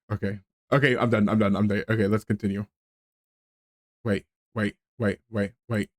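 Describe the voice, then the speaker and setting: A man streaming a game, chatting casually and ranting in a stammering, animated way. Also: lowish voice, normal speed, no room sound.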